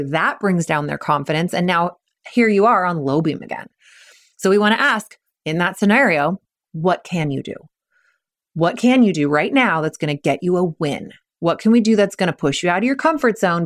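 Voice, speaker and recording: A woman hosting a podcast as a mental performance coach, explaining with energy and acting out kids' and coaches' voices in quick quoted asides. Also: on the low side. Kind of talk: solo podcast talk.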